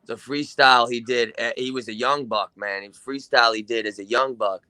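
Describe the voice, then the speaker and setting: A man's voice: medium pitch, fairly even intonation, brisk, bright, forceful tone, smooth, no echo. A young man from Wisconsin, a guest musician telling rambling, profane stories in casual chat. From Kenosha, Wisconsin. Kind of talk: casual storytelling.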